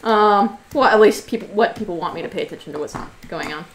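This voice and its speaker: A woman's voice: mid-range voice, quick pace, crowd noise, poor audio. A woman playing at a tabletop game, teasing and playful as she chats. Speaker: player. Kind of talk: casual tabletop game chat.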